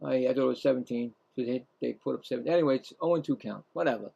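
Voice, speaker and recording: A man's voice: medium pitch, quick pace, creaky, dark tone, muffled recording. A man hosting casual live baseball play-by-play, rambling, self-mocking, and often stumbling and correcting himself. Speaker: play-by-play host.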